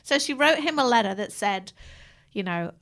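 A woman's voice: on the high side, expressive, moderate pace, a bit bright. A middle-aged woman with an Australian accent, chatting casually as a co-host and telling a long story, laughing often. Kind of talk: casual chat.

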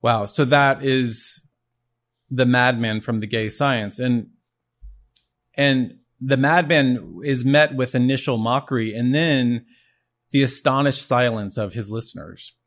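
A man's voice: mid-range voice, slow pace, fairly bright tone. Earnest man teaching on his show. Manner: earnest, restarts and repeats words. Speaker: podcast host. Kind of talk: teaching monologue on philosophy.

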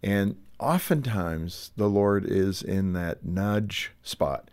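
A man's voice: sits low, steady tone, slow pace, smooth. A man hosting a faith talk show, asking long, winding questions and teasing his guest a little. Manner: warm-hearted, teasing, rambling questions. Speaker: radio host. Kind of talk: conversational radio interview.

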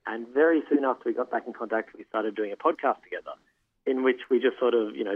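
Australian man on a tinny phone line. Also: mid-range voice. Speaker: caller, podcast host. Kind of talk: casual call-in chat. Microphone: phone call.

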